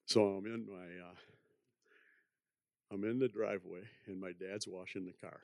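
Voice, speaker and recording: Guy in his 60s, gravelly voice, rambly church testimony with little chuckles, dry close sound. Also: low-pitched, steady tone, moderate pace, mellow, dry recording. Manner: rambling, chuckling, self-deprecating. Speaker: church member giving testimony. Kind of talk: personal testimony storytelling.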